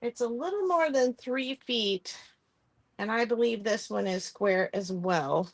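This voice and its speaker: A woman's voice: a little high, animated, unhurried, no room sound. A woman hosting a live online sale, chatting casually about vintage items and laughing often between filler words.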